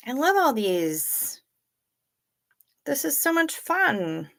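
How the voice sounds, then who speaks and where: A woman's voice: high-pitched, sing-song, slow pace, creaky, a bit bright. A middle-aged woman, hosting a late-night livestream, tired and yawning as she chats casually with viewers and reads their comments. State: sleepy. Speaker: livestream host.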